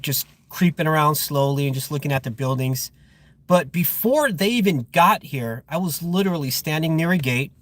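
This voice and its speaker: A man's voice: medium pitch, a bit bright, dry recording. A man working as a security guard, chatting casually on a live stream, rambling with fillers and sounding irritated. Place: outdoors at a guarded facility.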